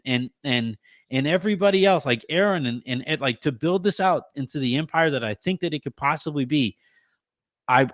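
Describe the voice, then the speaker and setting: A man in his thirties hosting a sports podcast from home, holding back tears as he gives a rambling, halting thank-you full of restarts and fillers. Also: a little high, no echo. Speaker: podcast host.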